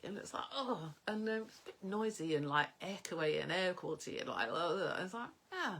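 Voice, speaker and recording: A middle-aged woman, telling a rambling personal story to camera with many fillers and an animated delivery. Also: lowish voice, moderate pace. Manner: rambling, animated, many fillers, dreamy soft whispers in places. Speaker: personal development coach.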